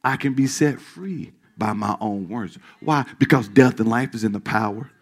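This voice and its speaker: A male pastor preaching a sermon in church, calling out questions to the congregation and dropping into hushed asides. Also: medium pitch, moderate pace. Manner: call-and-response preaching, swings from loud to hushed asides.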